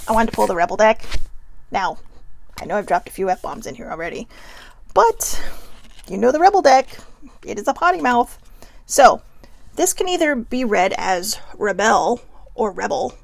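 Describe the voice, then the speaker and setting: A woman's voice: on the high side, sing-song, normal speed, creaky, pauses often, dry recording. A woman hosting a casual motivational talk to camera, frank and swearing freely, with many asides to her viewers. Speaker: host.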